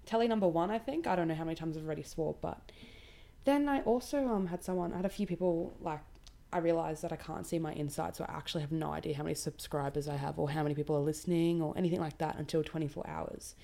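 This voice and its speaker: A woman hosting her own casual solo podcast, rambling and self-deprecating, swearing freely in a somewhat monotone voice. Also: sits low, fast, vocal fry. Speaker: podcast host.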